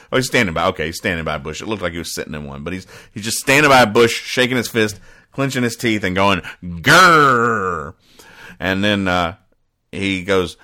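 A man hosting a comedy podcast, dryly explaining comic strips in a rambling deadpan way that stops and restarts often. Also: low voice, dry recording, clean studio sound.

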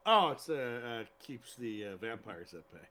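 A man's voice: mid-range voice, big pitch swings, unhurried, sharp tone. A man co-hosting a casual podcast who jokes and swears freely. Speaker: podcast co-host. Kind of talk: casual chat.

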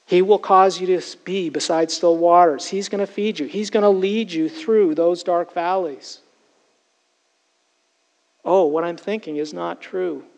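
A man's voice: sits high, unhurried, gravelly, darkish tone, low-quality recording. A man preaching a sermon as pastor, earnest and emphatic, often turning to address his congregation directly.

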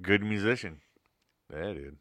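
A man's voice: deep voice, a little slow, fairly bright tone, no echo. A man co-hosting a casual podcast, joking crudely, swearing a lot and laughing often. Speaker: podcast co-host. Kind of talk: casual chat.

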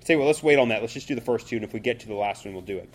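A man's voice: mid-range voice, racing. A man teaching a Bible study class in a loose, conversational way, full of fillers and restarts.

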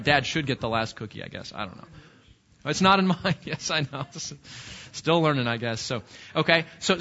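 A man's voice: fairly high pitch, bright, forceful tone. A middle-aged man teaching a Bible class at church, who repeats his words as he goes and keeps putting questions to the class. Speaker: Sunday school teacher. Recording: dull lo-fi recording.

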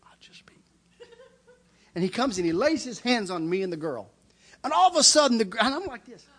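A preacher giving a humorous testimony in a sermon, an animated storyteller who laughs often and acts out the voices of others. He speaks as a man. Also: high-pitched, fast talker, breathy edge.

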